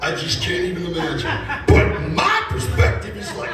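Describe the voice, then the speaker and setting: A man in his fifties telling a profane, animated story to a live crowd, laughing and shouting punchlines. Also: sits high, normal speed, soft background music. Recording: echoey live venue from far off with loud crowd.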